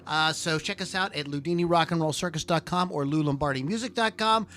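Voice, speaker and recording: Jokey podcast host, high-pitched. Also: male voice, brisk, a bit bright, slight background noise. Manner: jokey, rambling, self-correcting. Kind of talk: live podcast chat. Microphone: desk mic with camera.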